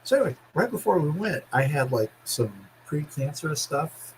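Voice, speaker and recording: Animated man telling a story. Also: moderate pace, slight background noise, low-quality recording. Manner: animated storyteller, acts out quoted voices with big pitch jumps, laughs often. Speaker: podcast co-host. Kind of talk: casual chat, storytelling.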